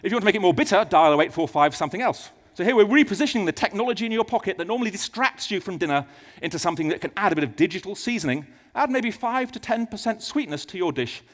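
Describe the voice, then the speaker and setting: Man, conference talk, animated, fillers and restarts, lively pitch, reverberant hall. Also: fast. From United Kingdom. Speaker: conference speaker.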